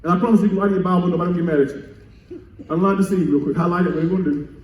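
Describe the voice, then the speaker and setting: A male pastor preaching a sermon in call-and-response style, repeating key phrases and swinging from quiet teaching to shouted emphasis. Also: high voice, very fast, distant mic. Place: church sanctuary. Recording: echoey church room.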